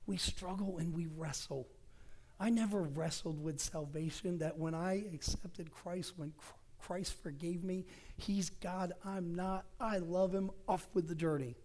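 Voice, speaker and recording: A middle-aged man preaching a sermon as associate pastor, moving between loud bursts and soft whispered phrases, in a church sanctuary. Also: high voice, steady tone, unhurried.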